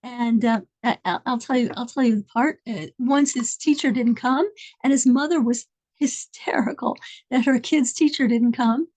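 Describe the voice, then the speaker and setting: A woman with a high voice tells a story in the relaxed way of a conversational lesson. She meanders along, pausing to search for names and details. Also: rough recording. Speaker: speaker telling an inspirational story.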